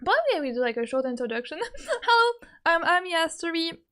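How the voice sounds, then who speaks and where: Giggly high-voiced French woman streamer. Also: sing-song, brisk, fairly bright tone. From France. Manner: giggly, chatty with viewers. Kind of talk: casual live-stream chat.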